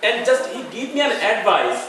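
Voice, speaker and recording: A middle-aged man with a Bangladeshi accent giving an earnest public talk with slides, halting and restarting as he speaks. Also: sits high, big pitch swings, fairly bright tone, slight background noise. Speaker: guest speaker. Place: lecture hall. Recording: echoey hall, far from the mic.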